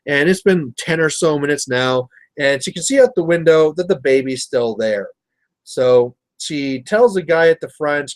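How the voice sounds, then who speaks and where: Chatty Canadian man, slightly high voice. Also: animated, moderate pace. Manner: rambling storyteller, chatty with viewers. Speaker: miniature painting livestream host. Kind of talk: casual chat while painting.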